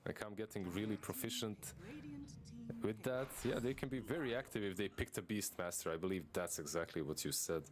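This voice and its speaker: A man's voice: fairly low pitch, fairly quick. A man co-streaming an esports match, talking through the draft in a loose, rambling way with many fillers. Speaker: co-streamer caster. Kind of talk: casual esports draft analysis.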